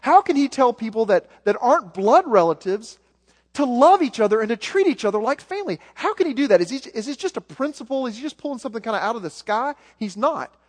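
High-voiced Southern pastor in a hall. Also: male voice, big pitch swings, fast. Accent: Southern American. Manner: earnest, repeats words when building a point. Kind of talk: sermon. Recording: long hall reverb.

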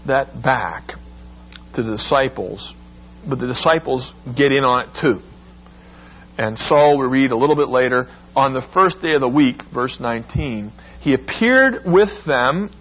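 A man preaching a sermon, expressive and emphatic, acting out the quoted lines with sudden rises. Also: medium pitch, husky, highs cut off.

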